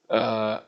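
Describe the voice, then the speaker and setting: A man in his forties rambling to his livestream viewers, swearing constantly and laughing at his own jokes. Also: lowish voice. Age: 40s. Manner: rambling, profane, laughs often. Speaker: streamer. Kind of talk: casual livestream rant.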